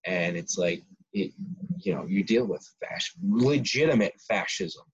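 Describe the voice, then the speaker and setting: A man's voice: deep voice, animated, measured pace, husky. A man around twenty, co-hosting a casual podcast, ranting his opinions heatedly with frequent restarts. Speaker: podcast co-host. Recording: dull lo-fi sound.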